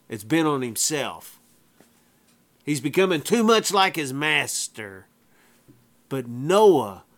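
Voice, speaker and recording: A male preacher delivering a sermon at an unhurried, deliberate pace. His voice sits a little higher than most men's, and he hammers points home by repeating his phrases. The wording is plain and folksy. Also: fairly bright tone.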